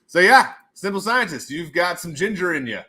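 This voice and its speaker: An American man hosts a casual livestream, rambling, joking and laughing frequently between remarks. His voice is high, expressive and sharp in tone, delivered at normal speed.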